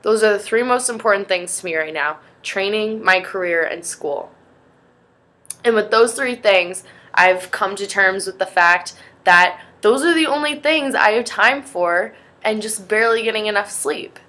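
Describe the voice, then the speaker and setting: A woman's voice: mid-range voice, moderate pace, few pauses, sharp tone. Chatty young woman vlogger. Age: young adult. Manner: rambling, easily sidetracked, chatty. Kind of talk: casual vlog chat.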